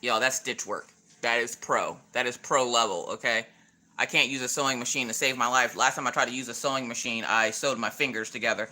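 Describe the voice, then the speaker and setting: A woman's voice: extremely low pitch, a little fast, pushed and bright. A woman hosting a casual craft livestream, playfully greeting chat viewers by name and joking with them as she unboxes.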